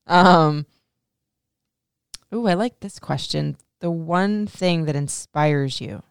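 A woman's voice: low-pitched, takes it slowly, vocal fry, smooth, no room sound. A woman in her thirties hosting a casual podcast, answering listener questions in a frank, profane way, full of "like," sounding emotional and close to tears. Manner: frank, profane, heavy use of "like".

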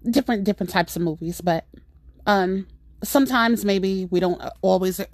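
A middle-aged woman hosting a podcast, telling a story in a rambling, exasperated, animated way. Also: mid-range voice, moderate pace, dry recording, studio quality. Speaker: podcast host. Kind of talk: casual storytelling monologue.

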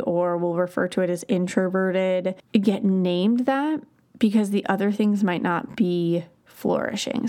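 A woman's voice: mid-range voice, darkish tone. A woman hosting a podcast, explaining child development in a conversational way with example phrases to children. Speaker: podcast host.

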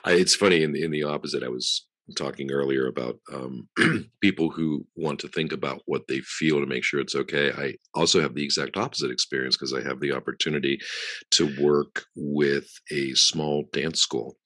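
A man's voice: a bass voice, steady tone, normal speed, bright, forceful tone, no echo. A male podcast host and bodywork practitioner, telling a client story in casual interview chat. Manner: conversational, storytelling, a few restarts.

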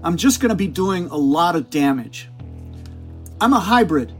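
A man's voice: high voice, lively intonation, moderate pace, soft background music, pitched above the performer's own voice. A man mimicking an emphatic older doctor playing a scheming virus.

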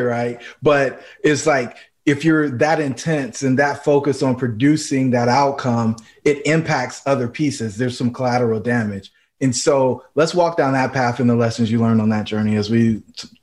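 A man's voice: medium pitch, a little mellow. A man hosting an interview, easygoing and steering the conversation toward the next topic. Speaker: podcast host.

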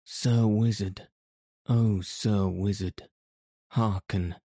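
A man's voice: fairly low pitch, fairly even intonation, very slow, dark tone, no echo, studio quality, heavily acted. A man voicing a timid male imp servant who pleads humbly and stammers in fear. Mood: pleading, fearful.

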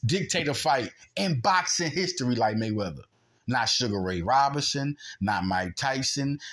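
A podcast host with a medium-pitched, slightly bright male voice delivers a heated, argumentative sports monologue. He mimics punches with sound effects as he goes.

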